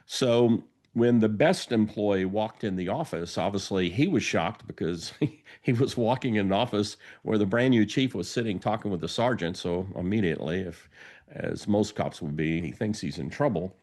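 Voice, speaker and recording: Low-voiced man telling a story. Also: moderate pace, a little mellow. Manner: anecdotal, acts out quoted dialogue. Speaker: podcast host. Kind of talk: storytelling monologue.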